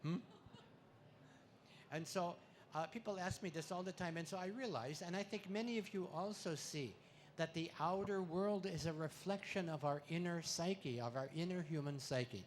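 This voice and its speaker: A man doing stand-up comedy on an expo stage, delivering puns in a playful way with sudden loud swells. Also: sits high, moderate pace, slight background noise. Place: expo stage before a live audience.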